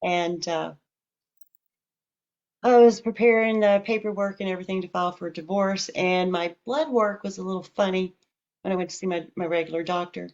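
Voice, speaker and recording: A woman's voice: fairly low pitch, moderate pace. A woman telling a personal story in a casual, candid way, acting out what people said to her. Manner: candid, animated retelling with quoted dialogue. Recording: dull lo-fi audio.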